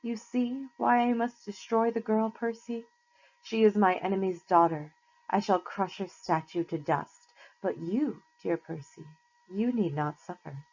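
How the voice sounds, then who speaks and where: Voicing a sweet-talking old female gorgon whose menace lurks under the surface, a woman with a mid-range, slightly mellow voice reads aloud in a slow, sugary, honeyed and coaxing manner. The mood is soothing, and the lo-fi recording is slightly muffled.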